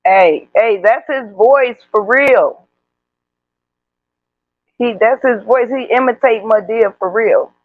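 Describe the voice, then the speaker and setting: A man talking loudly and eagerly to a group call. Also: very high-pitched, slow pace, pauses often, no room sound. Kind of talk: casual talk on a group call. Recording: tinny dry phone line.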